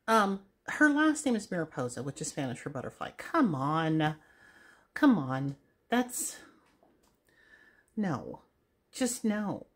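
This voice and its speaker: A woman in her forties rambling sarcastically in a casual chat while reacting to a movie, a little out of breath from walking. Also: medium pitch. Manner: chatty, sarcastic, easily amused.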